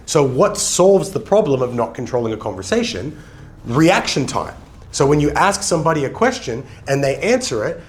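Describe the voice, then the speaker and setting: A man coaching on sales leadership, teaching energetically and slowing down to stress his key words. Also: on the high side. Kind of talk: teaching lesson to camera.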